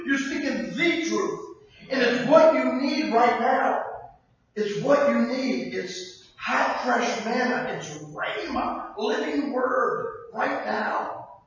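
An older male pastor preaches with a very high, lively voice, chatting with his congregation one moment and shouting the next. He sounds far from the microphone in a large, echoing church, and the recording is dull and muffled. His pitch swoops widely as he talks. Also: takes it slowly. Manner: conversational preaching with sudden shouts. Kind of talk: sermon. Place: church sanctuary. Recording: distant echoey hall, dull sound.

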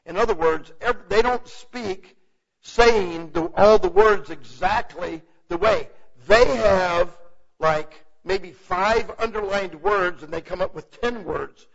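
A man with a high, creaky voice teaches Scripture in a loose, chatty manner, full of animation. He keeps prompting agreement with "okay?", and the whole thing is captured on a muffled, low-fidelity recording.

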